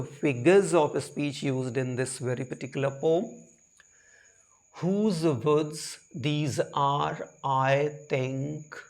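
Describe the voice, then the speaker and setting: Slow gravelly teacher. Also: male voice, a little high. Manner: slow, repetitive, self-correcting explanations with rhetorical questions. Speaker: English literature teacher. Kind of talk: line-by-line poem lecture.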